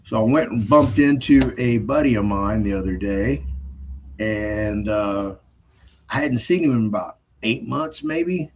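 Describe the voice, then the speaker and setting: A man's voice: on the low side, unhurried, a little hiss or hum. A man hosting his own show, talking in a blunt, profane, scornful casual monologue and laughing between phrases. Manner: laughs between phrases while telling stories. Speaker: show host.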